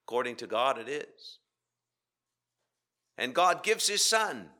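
Bright-voiced preacher with dramatic pauses. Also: male voice, mid-range voice, big pitch swings. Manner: dramatic pauses, rhetorical questions, swings from loud to hushed. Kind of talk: sermon. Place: church.

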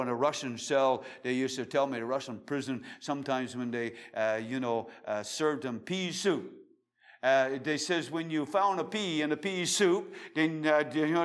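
A middle-aged male preacher delivers a sermon at an ordinary pitch for a man. He swells into loud, drawn-out scripture readings, then drops to near-hushed asides. He repeats key phrases to drive them home. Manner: swings between loud emphatic declaring and hushed low asides.

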